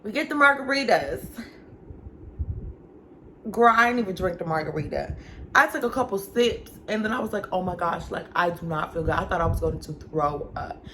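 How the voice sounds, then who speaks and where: A young woman vlogger chatting casually as she tells a personal story, animated and talking straight to her viewers. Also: on the low side, moderate pace, slight background noise. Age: young adult. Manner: chatty, animated, addresses viewers as y'all and girl.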